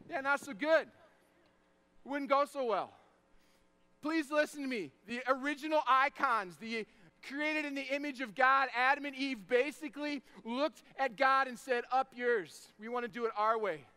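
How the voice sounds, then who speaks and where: A man in his thirties preaching an energetic sermon, telling stories, shouting the punchlines and dropping soft for the tender moments. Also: extremely high pitch. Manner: animated, shouts punchlines, drops to soft tones for emotional moments.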